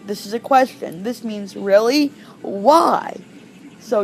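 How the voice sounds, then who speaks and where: A woman giving an informal online language lesson, hesitant with frequent ums and restarts, slowing down to pronounce example phrases. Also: medium pitch, a little hiss or hum. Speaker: language tutor.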